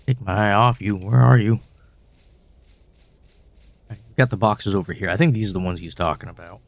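A man's voice: lowish voice, steady tone, moderate pace, vocal fry, dry recording. A young man giving wry, suspicious commentary while playing a horror game, swearing now and then. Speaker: gaming channel host.

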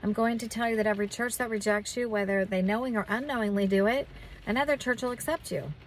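A woman's voice: on the high side, fast talker, distant mic, slight background noise, low-quality recording. A woman who is a prophetic minister, giving an earnest, encouraging talk and a spoken prayer, with frequent restarts. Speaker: self-described prophetic minister.

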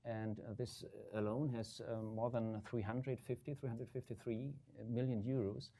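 A man answering questions as a government state secretary on a panel, measured, with frequent ums and uhs. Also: medium pitch, flat delivery, mellow. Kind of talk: panel discussion remarks.

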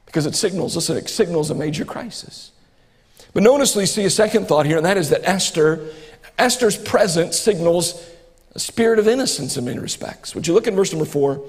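A man, preaching a sermon as pastor, earnest and repetitive, rising to impassioned bursts. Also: high-pitched. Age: 40s. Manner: earnest, repeats phrases, rises to impassioned bursts. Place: church sanctuary. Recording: reverberant church hall.

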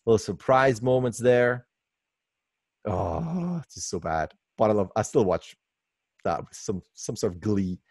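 A man in his forties, on the low side in pitch and speaking at normal speed, gives an enthusiastic webinar commentary as a guest animator. He's at his home workspace on a video call mic, excitable, laughing frequently and gushing. The sound is clean and studio-like, without echo.

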